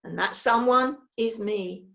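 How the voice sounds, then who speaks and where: A woman's voice: medium pitch, takes it slowly, vocal fry, bright, forceful tone, full character voice. A woman doing a jaunty, nervous storybook dad. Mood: earnest. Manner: jaunty, urgent. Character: brave, jaunty, slightly nervous father.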